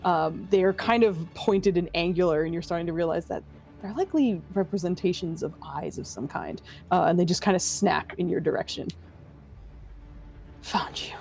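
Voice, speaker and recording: A woman's voice: on the low side, fairly quick, vocal fry, darkish tone, soft background music. Laughing woman running a tabletop game. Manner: laughs often, playful. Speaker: dungeon master.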